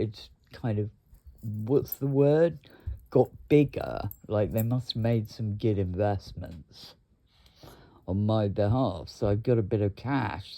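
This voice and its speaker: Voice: medium pitch, warm tone, no echo. A vlogger, rambling and ranting to camera, swearing often and laughing between complaints.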